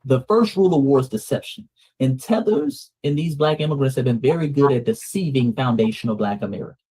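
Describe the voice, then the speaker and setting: A man's voice: mid-range voice, expressive, fairly quick, warm tone, husky. A man with a Southern US accent hosting a commentary show, speaking emphatically and addressing viewers as family. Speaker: show host. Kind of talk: commentary on news clips.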